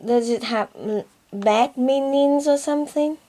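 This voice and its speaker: A woman with a Vietnamese accent who speaks English as a learner, asking careful questions. Her voice sits a little high, and she talks at an unhurried, deliberate pace, often repeating words as she works out what to say. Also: dark tone. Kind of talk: casual lesson chat.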